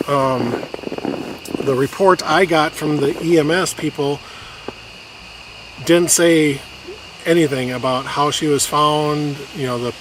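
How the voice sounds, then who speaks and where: A man telling an emotional personal story in a halting way, with many restarts, and getting choked up at times. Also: a little high, a bit bright. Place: outdoors on a hiking trail. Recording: noisy outdoor recording.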